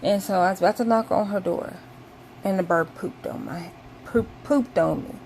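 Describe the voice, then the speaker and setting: A woman's voice: mid-range voice, normal speed, a little mellow, a little hiss or hum. A woman vlogger casually telling a personal story to camera, with lots of "um" and "like" and bursts of exaggerated indignation.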